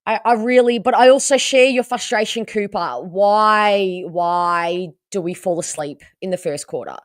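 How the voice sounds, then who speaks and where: An Australian woman hosting a casual livestream, hoarse from losing her voice and chatting with viewers about the game. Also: medium pitch, unhurried, no echo, studio quality. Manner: chatty and animated, reading out viewer comments. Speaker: livestream host.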